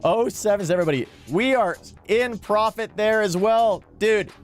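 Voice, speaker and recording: A man's voice: high voice, normal speed. A man hosting a livestream, calling out bids in an auction with rhythmic, repeated phrases and upbeat chatter. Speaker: livestream host running a charity-style auction. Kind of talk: live stream auction calling. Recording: music playing faintly behind. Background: faint background music.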